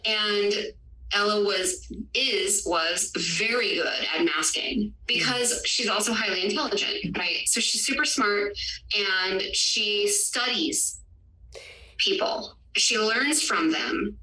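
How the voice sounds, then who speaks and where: A woman hosting a podcast, speaking earnestly and haltingly with many fillers as a parent. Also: medium pitch, sharp tone. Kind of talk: personal reflective conversation. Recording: distant echoey room, faint background noise.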